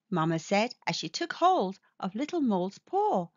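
A woman reading a children's storybook aloud in a slow, sing-song, expressive way. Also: medium pitch, dry recording. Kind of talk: children's read-aloud narration. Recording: dull lo-fi sound.

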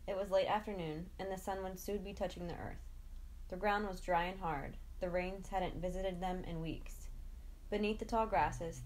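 A woman's voice: lowish voice, darkish tone, a little hiss or hum. A young woman reading a children's storybook aloud, giving each character a lightly lifted voice. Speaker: storybook reader. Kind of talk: storybook narration.

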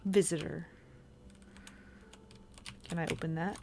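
A woman's voice: fairly low pitch, slow, creaky, background noise. A woman giving casual, sweary gameplay commentary, chatting to her viewers and jumping at scares. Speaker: gaming video creator.

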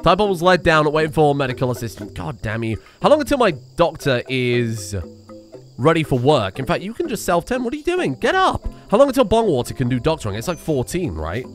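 A man giving excitable, sweary let's play commentary and yelling at the game. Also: fairly high pitch, fairly quick, soft background music. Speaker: game streamer.

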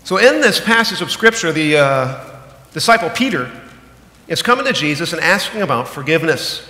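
Animated pastor preaching in an echoey church. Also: male voice. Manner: animated, swings between loud emphatic bursts and low slow asides. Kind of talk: sermon. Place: church sanctuary. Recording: echoey hall with long reverb.

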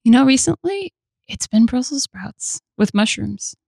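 A woman's voice: a little high, lively intonation, unhurried, creaky, dark tone, husky, no echo, clean studio sound. A woman guest on a podcast, chatting casually in a bubbly, playful way and laughing often. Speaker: guest artist.

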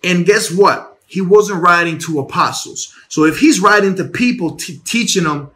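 Male preacher, high and bright, casual livestream Bible teaching on a phone at home, animated, restarts words. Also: moderate pace. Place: home bedroom.

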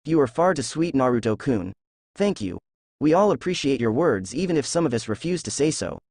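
Gentle female cat spirit, patient and soft-spoken, read by a man. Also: medium pitch, a little fast, no echo, studio quality. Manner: calm and gently teasing.

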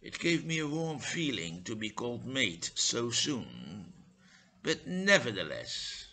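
Slow, gravelly man reading a story. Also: medium pitch, sing-song, bright, forceful tone, low-quality recording. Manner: measured, dryly comic reading with indignant asides. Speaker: storyteller and English teacher. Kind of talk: reading a humorous short story aloud.

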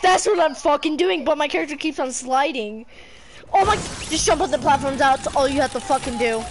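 A young woman playing a video game with a friend, yelling, swearing and joking. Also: high-pitched, brisk, a little hiss or hum. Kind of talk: casual gaming chat.

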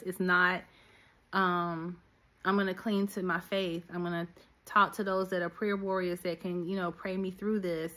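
Woman minister-coach, middle-aged, low-set voice, exhorting listeners directly. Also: normal speed. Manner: animated, preachy, talks straight to listeners. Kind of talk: sermon-style teaching.

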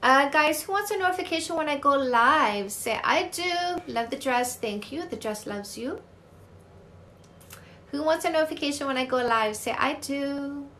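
A woman's voice: sits high, normal speed, fairly bright tone, slight background noise. A woman from Canada, a dating coach, answering viewer comments on a live stream in a blunt, upbeat way and swearing casually.

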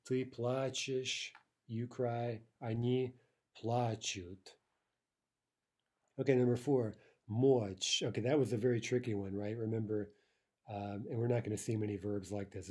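In a mellow, slightly rough, lowish voice, a man leads a recorded language lesson step by step. He often checks in with "right?" and says the sample words with slow care.

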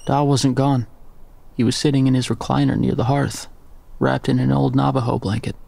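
A man giving measured, quiet first-person narration of a scripted audiobook story. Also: mid-range voice, vocal fry.

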